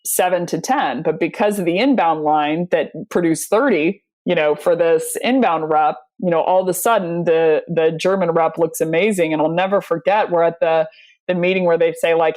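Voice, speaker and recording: Her voice somewhat low, a woman being interviewed talks casually and loosely. She tells her stories with animation, scattering fillers and short bursts of laughter throughout.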